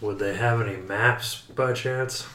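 Low-voiced man playing a tabletop game. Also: fairly even intonation, measured pace, a bit bright, roomy sound, slight background noise. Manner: casual, in-character questions.

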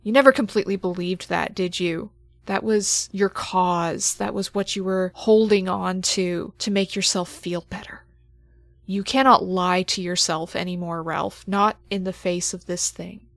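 A woman game master narrating a horror tabletop game slowly and dramatically, often dropping to near whispers for suspense. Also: lowish voice, steady tone, vocal fry, no echo, studio quality.

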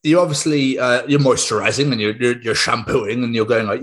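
A young man, co-hosting a podcast and telling rambling, animated stories full of swearing. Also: medium pitch, fairly quick. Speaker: podcast co-host. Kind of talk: casual chat.

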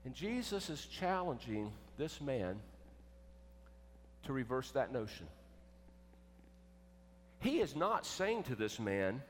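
A man preaching a sermon, emphatic, swinging between loud and hushed. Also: mid-range voice, sing-song, takes it slowly, long pauses, slight background noise. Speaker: pastor. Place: church sanctuary. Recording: echoey church with long reverb.

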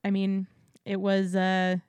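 A woman's voice: medium pitch, monotone, takes it slowly, darkish tone, clear, resonant tone, no room sound. A woman co-hosting a podcast, chatting casually and giving frank opinions. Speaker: podcast co-host. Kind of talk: casual chat.

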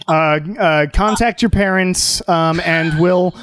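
A gruff male sports coach, blustery and scolding, who turns anxious and fussy over a player, as a man voices him in a tabletop game. The voice sits noticeably high and pushes hard on his complaints. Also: slow pace, a bit bright, slight background noise. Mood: fussing. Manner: blustery, scolding then soothing.

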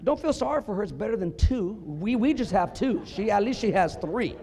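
A middle-aged man preaching a sermon, telling funny stories with punchlines and building up to emphatic shouts. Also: high voice, expressive, fairly quick, a little hiss or hum. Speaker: pastor.

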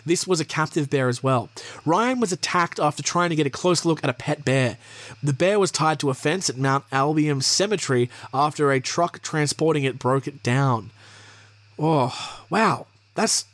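A man's voice: fairly high pitch, dry recording. A young man hosting a podcast, reading out a list and breaking off into sweary, exasperated asides in a casual solo commentary.

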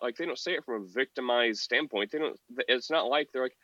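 A man co-hosting a podcast in casual, opinionated chat, mocking opponents with a put-on high voice. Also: animated, fast, few pauses, bright, forceful tone, dry recording, muffled recording. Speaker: podcast co-host.

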